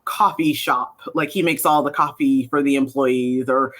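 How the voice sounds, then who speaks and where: A woman who created an animated series, chatting casually in an interview about her cast with many fillers. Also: extremely low pitch, moderate pace. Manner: chatty, many fillers, acts out quotes in lively voices.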